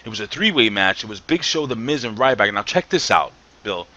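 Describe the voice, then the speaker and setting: An opinionated man co-hosting a wrestling review in a casual chat. His voice sits fairly low but comes across bright and forceful. He is full of fillers and quick restarts. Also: expressive, muffled recording.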